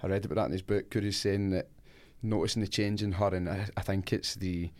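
Brief: male podcast host, low voice, curious interviewer. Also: little pitch movement, brisk, darkish tone. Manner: curious, prompting questions. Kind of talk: conversational interviewing.

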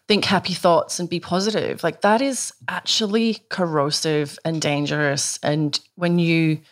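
A woman speaks in a low register during a conversational interview. She talks earnestly and emotionally, often restarting her sentences. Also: fairly even intonation, unhurried. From Australia.

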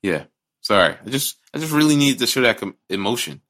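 A man's voice: medium pitch, big pitch swings, fairly quick, fairly bright tone. A man co-hosting a podcast in casual chat, ranting and joking with lots of swearing. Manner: ranting, profane, jokey. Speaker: podcast co-host.

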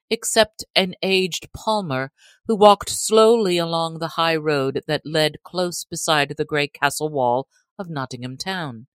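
A woman narrating an old adventure story in a measured, even storytelling manner. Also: low voice, no echo. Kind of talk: storybook reading.

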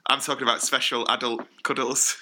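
A man's voice: medium pitch, little pitch movement, a little fast, bright, forceful tone, slight background noise, rough recording. A man hosting a casual chat, asking teasing questions with a joking manner.

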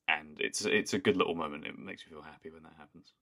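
A man's voice: very deep voice, fairly even intonation, quick pace, sharp tone. A young Englishman co-hosting a podcast in casual chat, wry with dry jokes. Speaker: podcast co-host.

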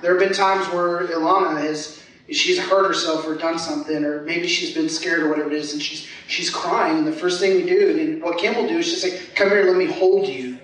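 A man's voice: a little high, steady tone, a little fast, fairly bright tone. A young man preaching a sermon as a pastor, in an earnest, conversational way with frequent restarts. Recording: echoey hall, heard from a distance.

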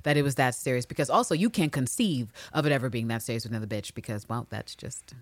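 A woman's voice: extremely low pitch, fast, no room sound. A woman co-hosting a podcast, recapping a TV show in casual chat. She swears freely and acts out quotes in different voices. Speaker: podcast co-host.

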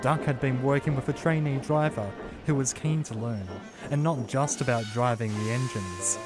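A man reading a children's railway story in a slow, measured storytelling manner. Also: medium pitch. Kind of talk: scripted storybook narration. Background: music.

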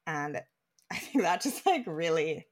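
A woman with a notably low voice reflects on a book in casual conversation. She speaks earnestly, pausing to gather her thoughts. Her words come loose and heartfelt. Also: big pitch swings. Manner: reflective, earnest, uses fillers like "like". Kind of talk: casual chat.

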